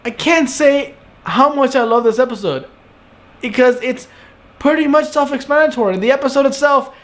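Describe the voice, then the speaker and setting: A man gushing in a casual video review of an anime episode, excitable, swearing freely, and trailing off into fillers. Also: very high voice, normal speed.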